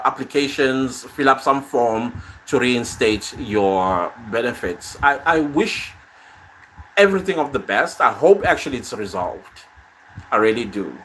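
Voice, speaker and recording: A man's voice: mid-range voice, fairly bright tone, a little hiss or hum. A man hosting a casual live stream from his phone, reading viewer comments aloud and answering them in a conversational way.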